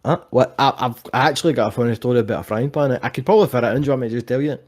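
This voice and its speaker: A man in casual conversation with a friend. He tells stories loosely, swears often and laughs as he goes. His voice sits at a middling pitch. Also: very fast. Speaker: podcast co-host. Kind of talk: casual chat.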